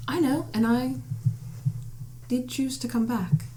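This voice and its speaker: A woman player speaking in character in a tabletop game, hesitant and halting. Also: sits high, background noise. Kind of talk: in-character tabletop role-play.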